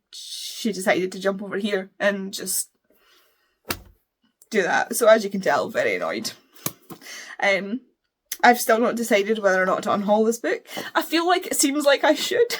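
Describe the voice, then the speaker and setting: A young Scottish woman with a Scottish accent, chatting casually as a book vlogger and ranting in an animated, exasperated way. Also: on the high side, breathy edge. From Scotland. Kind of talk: casual chat.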